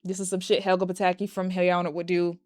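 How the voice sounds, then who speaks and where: Animated, profane woman movie reviewer. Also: on the low side, fast talker, no echo. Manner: animated and profane, with bursts of laughter. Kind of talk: casual movie recap.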